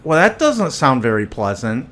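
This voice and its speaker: A man hosting a podcast, telling a profane, animated story and acting out both sides of the conversation. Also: mid-range voice, moderate pace. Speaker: podcast host. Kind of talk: casual storytelling chat. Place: echoey tunnel.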